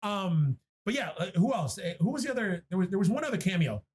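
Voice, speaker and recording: A man co-hosting a podcast, telling stories in a casual, animated and profane way. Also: high voice, fast, breathy edge. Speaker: podcast co-host.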